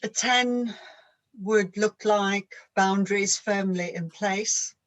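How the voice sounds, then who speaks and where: A woman talking slowly and thoughtfully as a coaching client, pausing often while she searches for words. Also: mid-range voice, low-quality recording. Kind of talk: reflective coaching conversation. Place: home.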